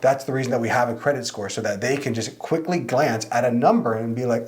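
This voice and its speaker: A man's voice: medium pitch, fast talker, few pauses, darkish tone. A man co-hosting a casual podcast, explaining at length and often saying "like". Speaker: podcast co-host.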